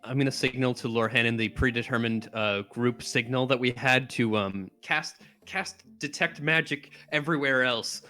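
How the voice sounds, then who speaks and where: Man, player, mid pitch, rambling, lots of fillers. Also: normal speed, hardly any pauses, pushed and bright. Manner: rambling, lots of likes and restarts. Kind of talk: casual tabletop play.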